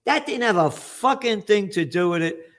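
A man's voice: high voice, animated, moderate pace, a bit bright. An older man hosting an angry, profane commentary monologue, ranting sarcastically about the economy. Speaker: trend forecaster host.

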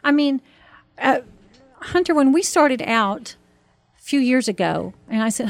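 A woman's voice: high voice, expressive, a little slow, vocal fry, pauses often, dry recording. Woman minister preaching earnestly, lifting key words, close dry mic. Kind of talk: teaching sermon.

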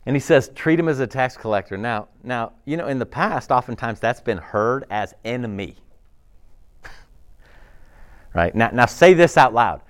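A man preaching a sermon as a pastor, conversational and animated, with laughs and asides. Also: mid-range voice, unhurried, long pauses.

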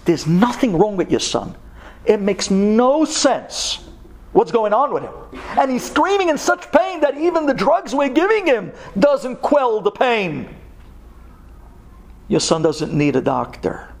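A man voicing a calm, firm religious doctor speaking earnestly and insistently. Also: very high-pitched, unhurried, pitched above the performer's own voice, full character voice.

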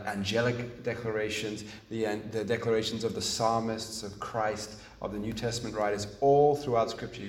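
Male preacher, earnest and emphatic, heard from a distance in an echoey room. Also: fairly low pitch. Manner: earnest, emphatic, with frequent restarts and pauses. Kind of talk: sermon.

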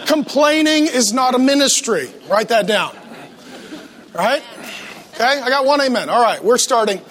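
A man's voice: very high-pitched, normal speed. A man preaching a humorous sermon to a church congregation, playfully acting out the voices he quotes. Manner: animated, talks to the congregation.

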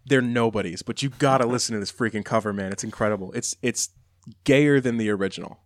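A man's voice: on the low side, fast, dry recording. A man co-hosting a podcast, chatting casually and enthusiastically about songs. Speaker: podcast co-host. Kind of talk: casual chat.

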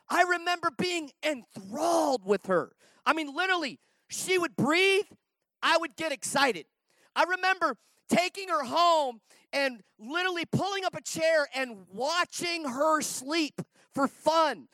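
A middle-aged man preaching a sermon on a stage, telling stories emphatically and swinging between loud outbursts and hushed lines. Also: very high-pitched, animated, measured pace, dry recording, low-quality recording. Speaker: traveling preacher.

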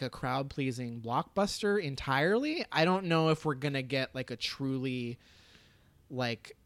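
A man's voice: on the high side, fairly bright tone, clean tone, dry recording. A man co-hosting a casual podcast chat, rambling with many fillers and casual swearing. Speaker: podcast co-host reviewing a film.

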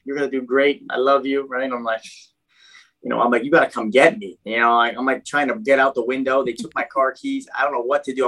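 A young adult man telling his own story in a casual, animated way, full of "like" and "dude". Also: mid-range voice, rough recording. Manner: animated, heavy use of "like" and "dude".

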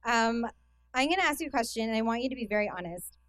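A woman's voice: a little high, lively intonation, quick pace, fairly bright tone, dry recording. A young woman with a Canadian accent giving a casual talk as a guest speaker, chatty and self-deprecating with plenty of fillers. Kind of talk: casual talk to a youth conference. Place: hall with an audience.

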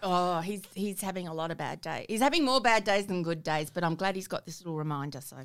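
A woman's voice: lowish voice, expressive, quick pace, a bit bright, clean tone. A woman co-hosting a podcast, talking politics in a chatty, wry way. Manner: chatty, wry, trails off and restarts. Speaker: podcast co-host. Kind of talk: casual political chat.

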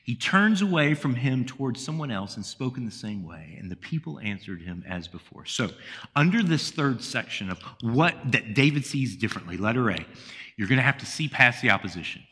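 A man's voice: mid-range voice, very animated, a little fast, bright, forceful tone, husky. A male pastor preaching a sermon with emphatic delivery, sometimes acting out the people in his story. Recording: long hall reverb.

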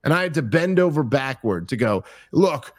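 A man talking as a podcast guest in casual chat, animated, profane and rambling. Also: medium pitch, fairly quick, dry recording, studio quality.

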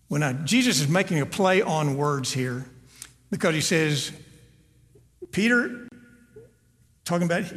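A man's voice: fairly high pitch, lively intonation, moderate pace, fairly bright tone. A man preaching a sermon to his congregation as pastor, earnest and often repeating words as he searches for the next one. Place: church sanctuary. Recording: long hall reverb.

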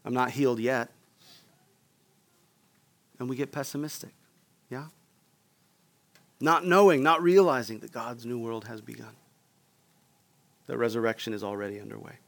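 Gravelly-voiced male pastor preaching. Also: mid-range voice, fairly even intonation, normal speed, long pauses. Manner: earnest preaching, asks the room for responses. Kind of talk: sermon.

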